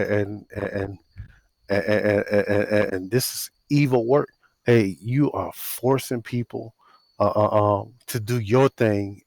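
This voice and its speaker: A man preaches outside on his porch, stumbling over strings of repeated words before pressing on with his warnings. His voice sits at a middle pitch. The sound is close and dry, with no room around it. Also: no room sound, poor audio. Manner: halting, many repeated fillers and restarts. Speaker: religious video host. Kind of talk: casual street sermon. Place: outdoors on a house porch.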